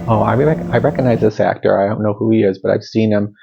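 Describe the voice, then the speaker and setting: A man's voice: lowish voice, fairly even intonation, quick pace, gravelly, dull audio, over music. A man hosting a movie reaction video, chatting in an upbeat way and wondering aloud about what he sees. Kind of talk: casual reaction commentary.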